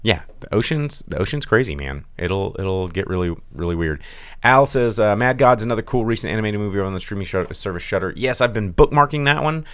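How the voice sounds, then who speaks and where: Casual male podcast co-host, low smooth voice, rambling delivery, dry sound. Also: lively intonation, fairly quick, fairly bright tone, no echo. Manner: rambling, many fillers and restarts. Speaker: podcast co-host reviewing movies. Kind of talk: casual chat.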